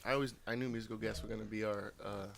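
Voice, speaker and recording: A man's voice: fairly low pitch, fairly even intonation, rapid-fire, slight background noise. A man hosting a casual podcast, joking and riffing with his co-hosts and a guest. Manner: loud, joking, sing-song show intro. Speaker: podcast host. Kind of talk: casual chat.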